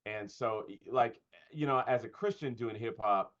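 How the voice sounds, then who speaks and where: A pastor and comedian speaking in a conversational interview, thoughtful and often pausing with fillers and restarts. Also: male voice, medium pitch, a bit bright. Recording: dull lo-fi sound.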